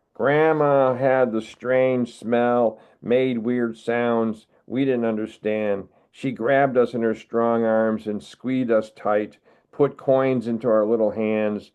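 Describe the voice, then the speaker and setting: An older man from the United States, giving a wry, measured poetry reading as a poet. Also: mid-range voice, darkish tone, smooth. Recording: narrow phone-like video call audio.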